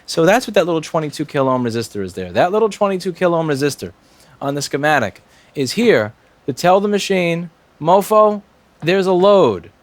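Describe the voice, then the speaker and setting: A man's voice: on the high side, very animated, quick pace, no room sound. A man in a repair workshop, explaining a circuit board fix live in a wry, profane way and talking to himself as he works. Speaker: repair technician.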